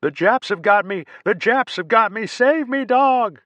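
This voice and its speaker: A man voicing a terrified young soldier who screams in panic, his voice pitched far above his own. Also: animated, a little slow, a bit bright, dry recording, highs cut off. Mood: panicked.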